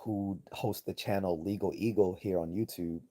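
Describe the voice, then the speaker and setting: A man's voice: low-pitched, steady tone, normal speed, mellow. A man hosting a livestream, giving blunt, profane, rambling commentary and reading chat messages aloud. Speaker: livestream host.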